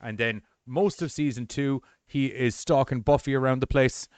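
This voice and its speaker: A man's voice: mid-range voice, moderate pace, a little mellow, clear, resonant tone, dry recording. Profane, rambling podcast co-host man. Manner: rambling, profane, sarcastic storytelling. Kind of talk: casual group chat recapping a show.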